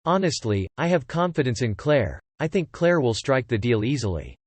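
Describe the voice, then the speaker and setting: Figure: earnest young husband, read by a man. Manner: calm, smiling. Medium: audiobook. Sound: dry. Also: medium pitch, normal speed, no echo.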